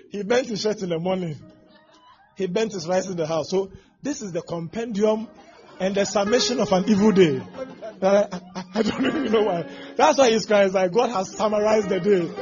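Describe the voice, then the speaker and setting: A male pastor preaching a sermon, acting out scenes with exclamations and laughter. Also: high voice. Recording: dull lo-fi sound with faint background noise.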